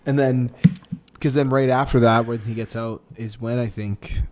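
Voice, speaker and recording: Man, mellow dark voice, soft-spoken, casual podcast chat, trailing phrases. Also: medium pitch, fairly even intonation, moderate pace. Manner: soft-spoken, trails off, many fillers and agreeing murmurs. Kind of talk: casual chat recapping a TV show.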